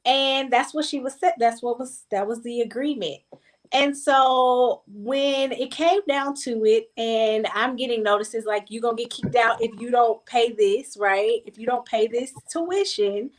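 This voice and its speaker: A woman with a slightly high voice tells a personal story in a casual group conversation. She talks emphatically and leans on repeated words to drive her point home. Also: a little slow. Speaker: guest.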